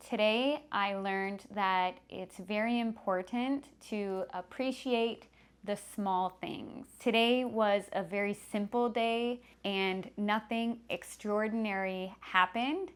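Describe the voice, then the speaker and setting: A woman narrates her evening routine at an easy, unhurried pace. Her voice sits at a middle pitch, and she tells the day in a calm, plain way. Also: clean tone. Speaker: English-teaching vlogger. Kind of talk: narrated daily vlog. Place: home in Korea.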